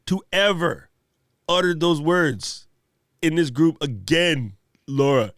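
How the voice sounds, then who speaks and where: A man's voice: a little high, takes it slowly, no echo, studio quality. A man hosting a live stream Q&A, chatting casually and animatedly with viewers in slang. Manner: animated, slangy, talks straight to chat viewers.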